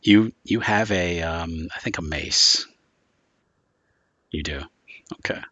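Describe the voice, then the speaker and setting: A man's voice: deep voice, slow pace, sharp tone, no echo. A man running a tabletop horror game as game master, describing scenes in a loose, rambling way full of filler words.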